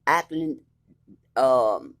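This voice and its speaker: Woman, indignant and blunt, lively swooping pitch, recounting her own story. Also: very slow. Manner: indignant, blunt, swears freely. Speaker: vlogger recounting her court case. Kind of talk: emphatic personal account, reading documents aloud.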